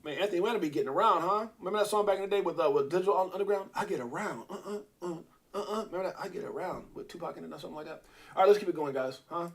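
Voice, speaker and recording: A man's voice: high voice, very fast. A man hosting a crypto livestream, ranting casually and animatedly, drifting off on tangents and answering his chat. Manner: animated, digressive, talks back to the chat.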